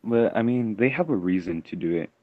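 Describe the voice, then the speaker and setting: Man caller, very deep voice, slow and hushed, on a dull, dry lo-fi line. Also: animated, no room sound. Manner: keeps his voice down, talks slowly. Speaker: hangout caller. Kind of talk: casual chat. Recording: dull, dry lo-fi call audio.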